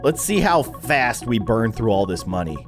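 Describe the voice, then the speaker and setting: A man's voice: medium pitch, sing-song, moderate pace, music in the background. A young man giving casual, playful commentary on a mobile game, with a sarcastic, joking manner. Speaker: gaming video host.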